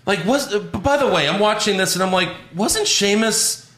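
A man's voice: high voice, lively intonation, moderate pace, a bit bright, echoey room. A man co-hosting a casual podcast, recapping events with sarcastic asides. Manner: sarcastic, storytelling recap with mock voices. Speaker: podcast co-host recapping wrestling. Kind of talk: casual chat.

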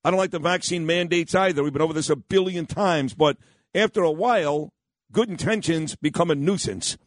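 A man's voice: on the high side, brisk, no room sound, clean studio sound. A man hosting a radio talk show, telling stories and giving blunt, rambling opinions. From New York. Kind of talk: storytelling and opinionated chat. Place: radio studio.

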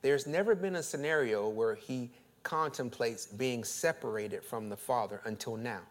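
A male pastor preaching a sermon, swinging from calm teaching to loud, high, laughing bursts, repeating phrases as he builds. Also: moderate pace. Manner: repeats phrases and restarts when fired up.

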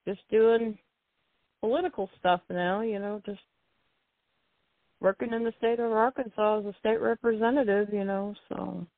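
Over a tinny, dry phone line, an older woman who is a wrestling fan chats casually as a guest about her time among other fans, rambling and repeating herself. Her voice is mid-range, with no room sound.

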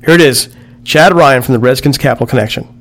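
A man hosting a casual sports podcast, rushing along at a brisk clip. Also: mid-range voice, a bit bright, a little hiss or hum. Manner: brisk, rushes through reads. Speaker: podcast host.

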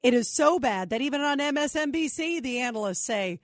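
A woman's voice: sits high, fairly quick, hardly any pauses, no echo, studio quality. A woman hosting a call-in talk radio show, speaking in an emphatic, indignant manner. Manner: emphatic, indignant, reads phone number repeatedly. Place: radio studio.

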